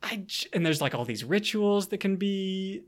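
Rambling, animated man chatting about a book. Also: high voice, moderate pace. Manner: rambling, animated, lots of fillers and restarts. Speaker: podcast co-host. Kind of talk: casual book discussion.

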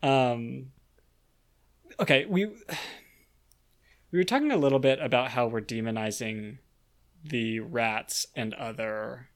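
A young man co-hosting a podcast, chatting casually and laughing about a book. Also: mid-range voice. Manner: laughing, joking, quick asides. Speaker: podcast co-host. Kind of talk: casual book discussion chat.

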